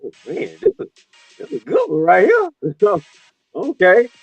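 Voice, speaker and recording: A man co-hosting a casual sports talk show over a video call, talking in loose slang and swinging from a low mutter to excited rants. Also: normal speed, vocal fry, husky, muffled recording, soft background music. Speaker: co-host.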